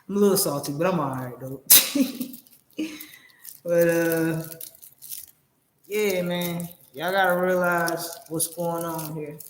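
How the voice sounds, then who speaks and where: A man giving casual reaction commentary in a loud, animated, slangy way, laughing often. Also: fairly high pitch, slow pace, long pauses, roomy sound, noisy background. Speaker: reaction video host.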